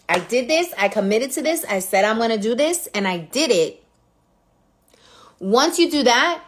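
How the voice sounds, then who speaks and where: A woman in her thirties from New York with a New York accent, hosting a casual livestream and telling a story straight to her viewers in a candid, profane, animated way. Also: on the high side. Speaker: livestream host.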